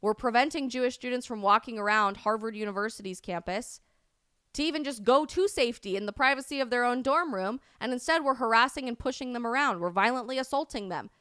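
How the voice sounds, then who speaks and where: A woman hosting a live stream, delivering impassioned commentary that rises to loud, indignant peaks. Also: a little high, fast talker, clean tone, no room sound, studio quality. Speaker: host of a live stream show.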